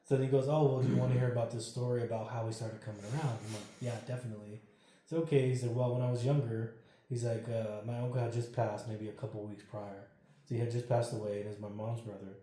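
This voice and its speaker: A man's voice: medium pitch, fast talker, a little hiss or hum. A man telling a ghost story as an interview guest, acting out the dialogue and swearing freely. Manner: animated, acts out quoted dialogue, swears freely. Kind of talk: casual storytelling. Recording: very echoey room.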